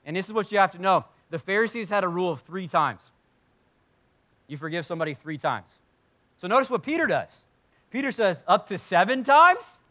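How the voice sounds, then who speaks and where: A male pastor delivers a sermon in a slightly higher than usual voice. He moves between animated, acted-out voices and quiet, earnest stretches. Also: fairly quick, long pauses. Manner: animated, acts out voices of Bible figures, drops to soft intensity. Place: church sanctuary.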